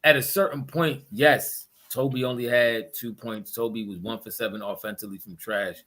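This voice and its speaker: A man's voice: medium pitch, steady tone, normal speed, a bit bright. A man co-hosting a podcast, arguing basketball hotly and point by point. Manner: emphatic, argues point by point, laughs often. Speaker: podcast co-host. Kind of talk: heated sports debate.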